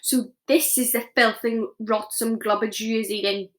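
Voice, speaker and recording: A woman voicing a huge, greedy, menacing male giant who booms his threats in mangled words. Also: fairly even intonation, normal speed, lightly acted. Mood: gruff. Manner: loud booming threats in giant's mangled talk.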